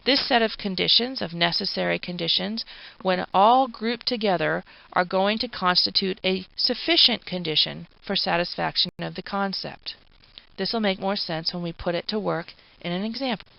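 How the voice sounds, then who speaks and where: A woman's voice: mid-range voice, normal speed, gravelly, no room sound. A woman giving a recorded philosophy lecture, explaining patiently with informal asides. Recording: dull, dry lo-fi recording.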